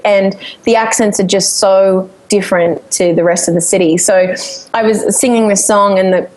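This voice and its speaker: An Australian woman, a singer and vocal coach, telling stories in a chatty, animated way during a casual interview. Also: medium pitch, low-quality recording. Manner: chatty, animated storytelling with frequent laughter.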